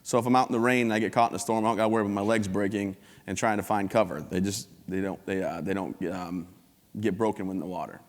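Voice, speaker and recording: A man's voice: lowish voice, steady tone, fast. Upbeat joking man on a stage. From United States. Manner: joking, upbeat storyteller acting out dialogue. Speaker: keynote speaker. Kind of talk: motivational stage talk with jokes. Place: conference hall stage before an audience. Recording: long hall reverb.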